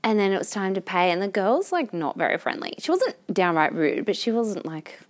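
A woman's voice: mid-range voice, a little fast. A young Australian woman co-hosting a podcast, telling stories in a chatty, swearing way. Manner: chatty, swearing, animated storytelling. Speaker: podcast co-host. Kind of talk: casual chat.

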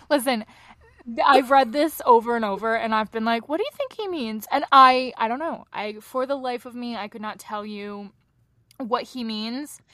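A young woman co-hosting a true crime podcast, telling the case in a chatty, animated way and laughing often, tired from little sleep. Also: fairly high pitch, unhurried, dry recording. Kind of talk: casual true crime chat.

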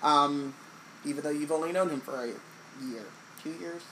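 A young woman co-hosting a casual chat podcast, talking fast and animated with lots of "like" and playful put-on voices. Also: low voice, rough recording. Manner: animated, lots of "like", acts out characters in silly voices. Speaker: podcast co-host. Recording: faint background noise.

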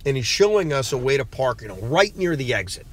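A man hosting a casual solo sports podcast, ranting in an animated and exasperated way, recorded in a parked car. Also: mid-range voice, brisk. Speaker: podcast host. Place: parked car near a rental return.

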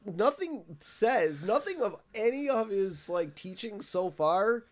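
High-pitched man, rambling podcast recap. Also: lively intonation, takes it slowly. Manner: restarts sentences, chuckling asides. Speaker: podcast co-host. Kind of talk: casual chat recapping an episode.

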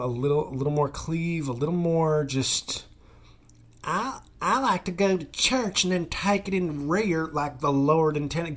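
A man in his thirties hosting a podcast, telling a rambling, crude, self-mocking comic monologue. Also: medium pitch. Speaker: podcast host. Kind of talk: casual comedic monologue.

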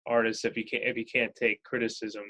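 A man's voice: fairly low pitch, level tone, brisk, bright, forceful tone, low-quality recording. A man interviewing a guest in a casual chat, agreeable and reflective.

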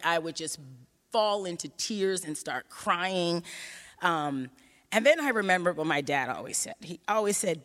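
A woman telling a personal story on stage in an animated way, acting out the voices she quotes. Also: medium pitch. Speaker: researcher giving a talk. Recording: hall reverb.

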